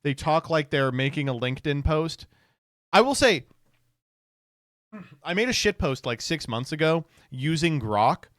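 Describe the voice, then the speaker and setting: A man's voice: a little high, lively intonation, a little slow, pauses often, fairly bright tone, no room sound, clean studio sound. A man streaming and reacting to posts in casual commentary, sardonic and swearing freely.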